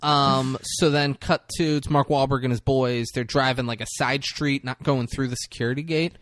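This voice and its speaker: A young man co-hosting a podcast, retelling a movie in a casual, profane, animated way. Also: mid-range voice, normal speed. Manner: profane, animated storytelling with acted quotes. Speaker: podcast co-host.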